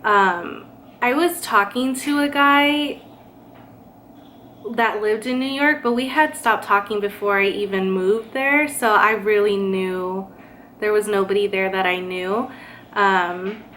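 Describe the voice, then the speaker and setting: A woman's voice: mid-range voice, slow pace, a bit bright, slight background noise. A young woman from California telling a personal story in a chatty vlog style, with lots of fillers. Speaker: vlogger. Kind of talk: casual storytime.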